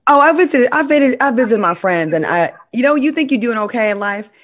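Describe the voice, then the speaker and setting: A lively talk show host chatting and teasing the co-hosts in loose, casual talk. The voice sits at a middle pitch. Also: fast talker. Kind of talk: casual chat.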